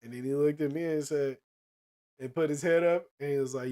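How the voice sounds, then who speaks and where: Man, streamer, casual profane chat, slightly high voice, lots of "you know what I mean". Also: fairly even intonation, fairly quick, mellow.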